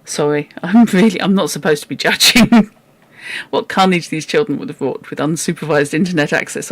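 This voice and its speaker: Book club host, chatty and exasperated, mid pitch, dry close sound. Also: normal speed, fairly bright tone, dry recording. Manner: exasperated, chatty, swears in asides. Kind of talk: casual chat and reading aloud.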